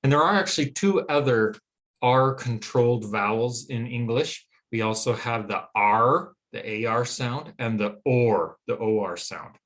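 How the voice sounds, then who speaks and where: A man with a Western American accent gives a phonetics lecture. His voice sits at an ordinary middle pitch. He explains patiently and stretches out each vowel he demonstrates. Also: a little slow, a bit bright. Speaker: teacher.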